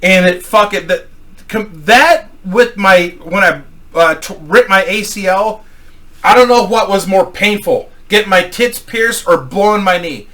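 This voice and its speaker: A middle-aged man spins a crude personal story, cursing constantly and rambling through restarts. His voice sits a little high and comes out bright and forceful. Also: a little slow. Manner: profane, rambling, animated storytelling with acted quotes. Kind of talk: crude casual anecdote.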